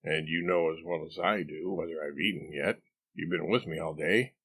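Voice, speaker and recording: A man voicing a puzzled, weary woman who speaks in a dry, quiet, exasperated way. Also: sits low, moderate pace. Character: weary, puzzled grown woman, the hero's wife. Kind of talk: audiobook character voice.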